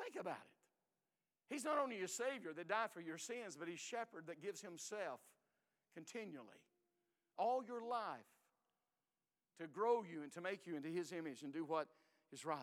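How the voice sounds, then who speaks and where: An older man preaching a sermon in a folksy, emphatic way, swinging between loud and hushed. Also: high-pitched, in a large hall.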